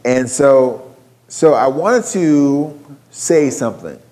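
A man's voice: medium pitch, animated, slow pace, mellow. A man giving a keynote talk, telling a story in a conversational way and putting questions to a live audience. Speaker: keynote speaker.

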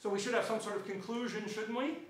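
A male history lecturer with a New Zealand accent, giving an animated public talk and tagging "right?" onto his points. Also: high voice, quick pace. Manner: animated, frequent "right?" tag questions. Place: lecture hall. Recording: echoey hall from far off.

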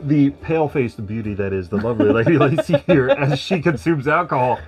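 A man's voice: mid-range voice, fairly quick, husky, soft background music. A man co-hosting a video game unboxing, chatting casually and joking with playful banter. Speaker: co-host of a gaming channel. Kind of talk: casual chat.

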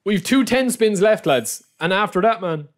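An excitable Irish man streaming a card-pack opening, his fairly high voice swinging widely in pitch. He talks straight to his viewers and repeats his lines over and over. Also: normal speed. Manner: excitable, repeats phrases, keeps addressing the viewers as lads. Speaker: gaming YouTuber opening card packs. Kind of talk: live-streamed gaming commentary.

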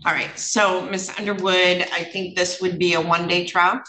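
A woman judge runs a court hearing, speaking plainly and casually with frequent fillers. Her voice sits fairly low with little pitch movement, and it comes across pushed and bright at a moderate pace. The courtroom sounds roomy, with faint background noise.

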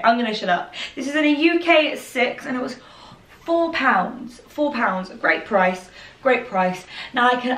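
Young female vlogger, chatty and self-mocking, slightly high voice, recorded in an echoey bedroom from a distance. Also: fairly bright tone. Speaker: fashion vlogger. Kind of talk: casual try-on haul chat. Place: her bedroom, indoors. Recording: echoey room, mic set back.

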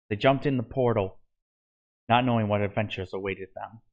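A man's voice: fairly low pitch, moderate pace. Man reading a fan story aloud. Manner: steady reading with small slips and restarts. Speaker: narrator.

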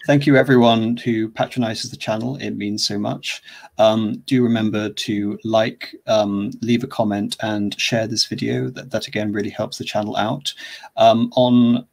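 An English man from the West Country with a standard English accent, hosting a livestream and speaking in a measured, formal way with many ums. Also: on the low side, steady tone, creaky, darkish tone. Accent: standard English, not West Country. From West Country of England. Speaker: host. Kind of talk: livestream chat and sign-off.

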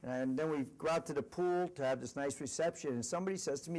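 A man's voice: on the high side, quick pace. A middle-aged man, a company executive, giving an earnest motivational speech full of stories at a university event. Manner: storytelling, animated and earnest. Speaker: corporate executive speaker.

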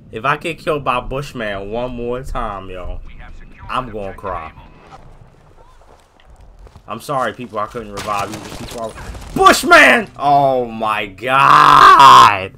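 A man hosting a gaming video, giving excited, slangy commentary while he plays, often yelping or shouting. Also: mid-range voice, measured pace, long pauses. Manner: jokey, yelps and shouts at sudden moments, slangy. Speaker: gaming channel host. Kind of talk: excited live gameplay commentary. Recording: gunfire and game noise clearly behind.

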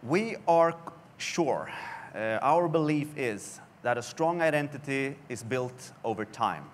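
A man from Sweden, a creative director giving a conference presentation in a deliberate way, his phrases dropping at the ends. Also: medium pitch, expressive, slight background noise. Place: conference hall.

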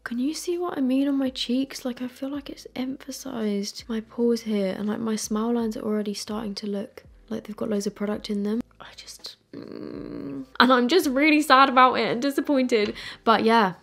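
A woman's voice: on the high side, steady tone, moderate pace, gravelly, few pauses, a little mellow. A young woman, chatting candidly to camera while reviewing makeup at home, with lots of "like" fillers. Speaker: beauty vlogger. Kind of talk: casual makeup review chat.

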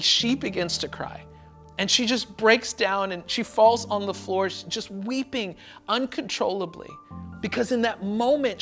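Woman pastor preaching, earnest and repetitive, soft music faint behind. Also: medium pitch. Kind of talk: sermon.

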